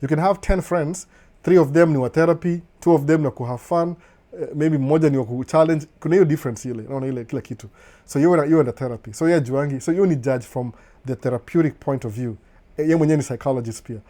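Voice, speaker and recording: A man's voice: a little high, fast, mellow. A middle-aged Kenyan man hosting a casual live stream, reading viewer comments and switching between Swahili and English, often saying "no, no" and chuckling.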